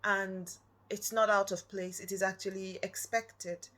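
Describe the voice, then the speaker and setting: A woman's voice: medium pitch, flat delivery, unhurried, fairly bright tone. Earnest woman, reflective talk. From Nigeria. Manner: earnest, questioning the listener directly. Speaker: speaker.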